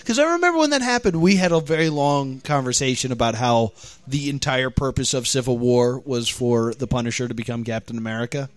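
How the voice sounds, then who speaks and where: A man hosting a comedy podcast, joking and telling stories in a casual, animated way. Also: medium pitch, brisk, few pauses, dry recording. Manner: jokey, animated storytelling. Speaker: podcast host. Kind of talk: casual chat.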